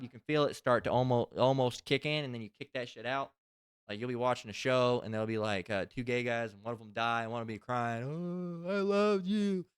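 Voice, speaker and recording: A man's voice: mid-range voice, smooth, no echo, clean studio sound. A man giving a casual religious lesson, talking in a rambling, profane, conversational way. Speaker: religious teacher. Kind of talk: casual spoken scripture lesson.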